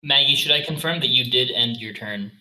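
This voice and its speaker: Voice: mid-range voice, fairly quick, pushed and bright, rough recording. A game master narrating a tabletop game and giving matter-of-fact rulings.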